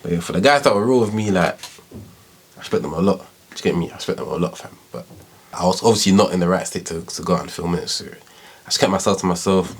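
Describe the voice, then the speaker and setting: A man's voice: low-pitched, fast, slightly rough. A young man in his twenties with a London accent, telling his story in a casual, slangy, rambling way with constant tag questions. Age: 20s. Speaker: YouTuber.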